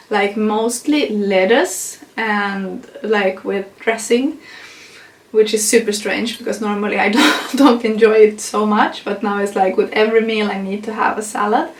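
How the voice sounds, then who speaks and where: A woman's voice: medium pitch, unhurried, echoey room, recorded from a distance. A young woman, a non-native English speaker, chatting casually in a pregnancy update vlog, with frequent laughs and fillers. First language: not English. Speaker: vlogger.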